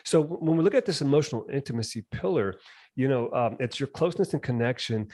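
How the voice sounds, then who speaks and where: A man's voice: mid-range voice, animated, fast, mellow, dry recording, clean studio sound. A man hosting an interview, talking casually and rambling, with restarts, lots of "you know" and acted-out quotes. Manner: acts out quoted reactions. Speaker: podcast host.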